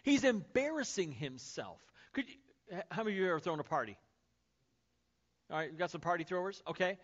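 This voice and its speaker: A man's voice: sits high, expressive, brisk. A male pastor preaching a sermon in a casual, conversational way, speaking to the congregation. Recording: dull lo-fi sermon recording.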